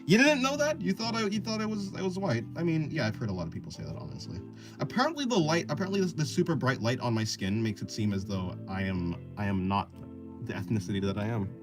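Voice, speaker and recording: Young man, American accent, casual art-stream chat, rambling with restarts, mid pitch, clear guitar music behind. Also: very animated, quick pace. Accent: General American. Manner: rambling, many "like" fillers and restarts, explaining at length. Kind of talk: casual chat while drawing.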